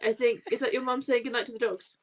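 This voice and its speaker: A woman's voice: fairly high pitch, steady tone, quick pace, noisy background. A woman hosting a casual late-night reading chat with friends, chatty and prone to singing snatches of songs. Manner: chatty, breaks into snatches of song. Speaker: readathon host.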